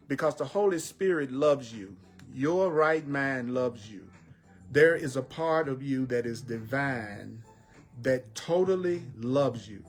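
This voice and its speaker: Emphatic man teaching with slow repetition. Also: mid-range voice. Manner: emphatic, repeats phrases, slows down on key words. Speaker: spiritual teacher.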